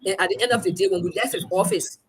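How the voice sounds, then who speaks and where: Racing along in a mid-range, slightly rough voice, a Liberian English-accented woman journalist tells a story as a guest. She's animated and performs the quoted speech in conversation.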